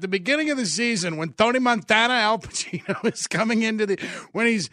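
Man, sports radio host, casual banter, bright tense voice, dry studio sound. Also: high voice, a little fast, few pauses, no echo. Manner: laughs often, lively storyteller. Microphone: studio microphone.

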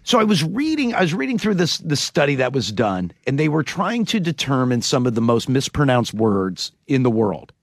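A man hosting a casual talk show, animated and teasing, quick to laugh. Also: medium pitch, dry recording, clean studio sound. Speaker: radio show host. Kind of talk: casual chat.

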